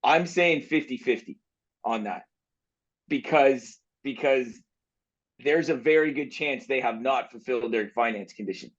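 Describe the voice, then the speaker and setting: A man's voice: mid-range voice, unhurried. A man co-hosting a podcast in casual chat, who thinks aloud and asks questions, restarting his phrases. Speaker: podcast co-host. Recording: dull, muffled mic sound.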